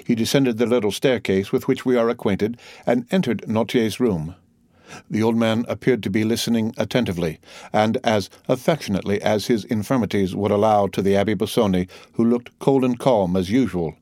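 A man narrates a classic novel in a measured, dramatic way. His voice is on the low side. The recording is dry and close, with no room sound. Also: dark tone, no room sound. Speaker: audiobook narrator.

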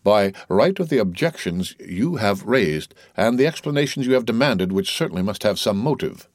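A man reading the part of a cold, suave, gentlemanly wealthy count, in a coolly ironic, unhurried manner. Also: fairly low pitch, animated, dry recording, clean studio sound. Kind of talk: audiobook character reading.

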